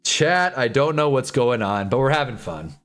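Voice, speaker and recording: A man's voice: mid-range voice, expressive, normal speed, a bit bright. A young man in his twenties from Southern California, chatting casually on a live stream, rambling and joking with frequent laughs.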